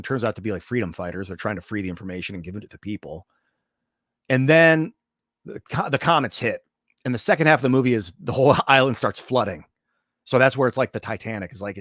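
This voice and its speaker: A man's voice: fairly low pitch, a bit bright, no room sound, clean studio sound. A man hosting a livestream, telling a long story in a loose, profane, rambling way with many restarts. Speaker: livestream host.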